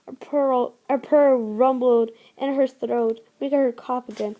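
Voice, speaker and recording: A woman's voice: on the high side, fairly even intonation, slow pace, mellow. A woman reading a story aloud as host, stumbling often and restarting words.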